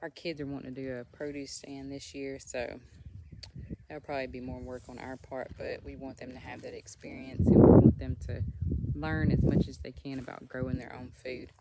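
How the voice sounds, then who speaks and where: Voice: medium pitch, flat delivery, moderate pace, very noisy. A homestead vlogger giving a casual, upbeat walking tour of a home garden outdoors, chatty with small laughs.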